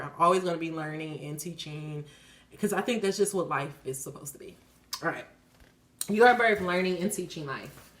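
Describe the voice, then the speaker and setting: A woman's voice: on the low side, fairly bright tone. A woman hosting her own channel, giving a casual card reading to her viewers. She reads the cards aloud, breaks off to laugh and swear, and gets emotional. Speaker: tarot reader and channel host.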